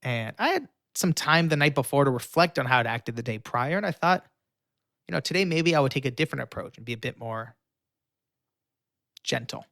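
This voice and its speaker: A young man telling a story with lively energy, filling it with fillers and acting out the voices of the people in it. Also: medium pitch, a little fast, creaky, pauses often, no echo, studio quality. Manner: acts out quoted voices, shouting and pleading; frequent fillers. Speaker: guest storyteller. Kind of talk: animated storytelling.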